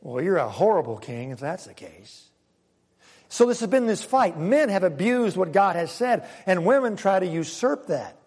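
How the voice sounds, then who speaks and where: A man preaches with a high, ringing voice. He leans on single words, pauses for effect and drops to a near murmur before building again. The long echo of a church hall trails after every phrase. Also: sing-song, breathy edge. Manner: emphatic preaching with dramatic pauses, swinging from loud to hushed. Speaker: pastor. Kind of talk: sermon.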